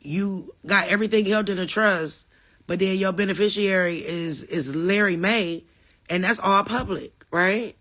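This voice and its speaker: Middle-aged woman host for a live chat Q&A: emphatic, forceful, bright tone, calls the audience y'all. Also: mid-range voice, a little slow. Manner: animated and emphatic, addresses the viewers as y'all. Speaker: livestream host answering viewer questions. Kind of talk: casual live Q&A reading chat comments.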